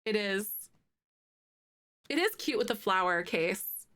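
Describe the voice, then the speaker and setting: A woman in her thirties streams from a home setup with a green screen, chatting casually with live viewers. Her medium-pitched voice is animated, fairly bright and slow, and she's bubbly and giggly, gushing over things she loves.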